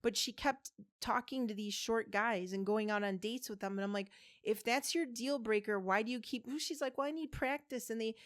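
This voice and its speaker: A woman's voice: a little high, moderate pace, no echo, studio quality. A woman in her forties co-hosting a podcast, telling a story with swearing and acted-out voices for the people in it. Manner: animated storyteller, acting out quoted voices, swearing freely. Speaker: podcast co-host. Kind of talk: casual chat, storytelling.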